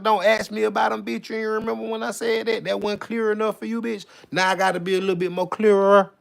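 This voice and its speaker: Man, vlogger, high-pitched, gravelly fry, mocking profane rant, repetitive, swaggering. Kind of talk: profane ranting monologue to camera.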